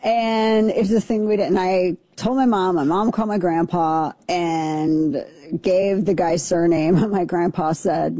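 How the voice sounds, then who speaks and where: A woman's voice: fairly low pitch, steady tone, a little slow, few pauses, mellow, dry recording. A woman in her forties, co-hosting a casual on-air chat, telling stories with self-mocking asides. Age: 40s. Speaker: radio show co-host.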